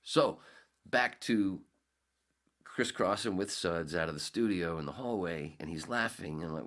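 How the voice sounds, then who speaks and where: Speaking at normal speed in a deep, fairly bright voice, a middle-aged man hosts a podcast. He wanders through a casual anecdote and keeps correcting himself along the way.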